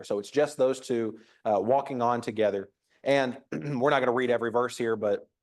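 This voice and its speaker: A man preaching a conversational sermon in a church, reading scripture aloud and reflecting on it with frequent restarts. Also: mid-range voice. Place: church auditorium.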